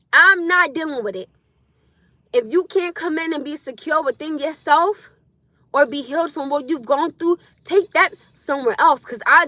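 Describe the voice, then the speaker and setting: A young adult woman ranting bluntly on a casual livestream, animated and laughing often. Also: sits high, no room sound. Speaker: livestream host.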